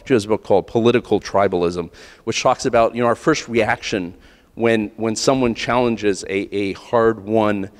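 An American man giving a keynote speech at a conference in an earnest, conversational way, often restarting phrases and adding "right?" asides. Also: fairly low pitch. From United States. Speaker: keynote speaker. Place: large conference hall. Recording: long hall reverb.

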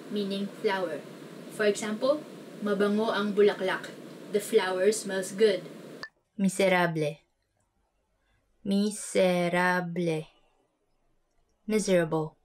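A woman teaching vocabulary in a relaxed, chatty way. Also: mid-range voice, a little slow, pauses often, slight background noise. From Philippines. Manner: relaxed, chatty explanations with light laughs. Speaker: language teacher. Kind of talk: casual vocabulary lesson.

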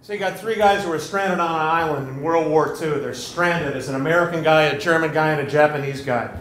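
A man's voice: fairly high pitch, a little fast, fairly bright tone, slight background noise. A man from Chicago, an audience member, telling a joke in a plain, matter-of-fact way at a comedy club. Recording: roomy club sound with faint ambience.

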